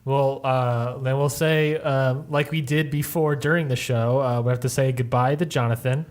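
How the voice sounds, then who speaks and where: A man hosting a casual podcast chat, relaxed, laughing often and swearing freely. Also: mid-range voice, moderate pace. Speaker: podcast host.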